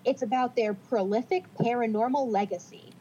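A woman's voice: on the high side, moderate pace, warm tone, muffled recording, slight background noise. A woman co-hosting a casual podcast, reading from notes in a chatty, self-deprecating way. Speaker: podcast co-host.

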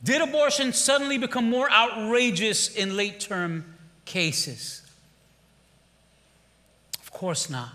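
High, bright-voiced preacher in a reverberant church. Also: male voice, lively intonation, takes it slowly, long pauses. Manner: rousing, repetitive preaching with call-and-response. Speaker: pastor. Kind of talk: sermon. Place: large church sanctuary. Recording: long church hall reverb.

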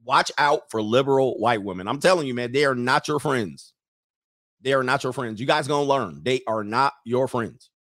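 A man's voice: mid-range voice, moderate pace, a bit bright, dry recording, clean studio sound. A man hosting a commentary show who reacts to a clip and makes his points emphatically, hammering them home by repeating them. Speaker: host.

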